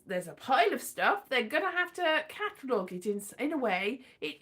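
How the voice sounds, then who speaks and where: A woman's voice: high voice, bright, forceful tone. A woman hosting a casual livestream, chatting in a playful, rambling way with sing-song bursts. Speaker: livestream host.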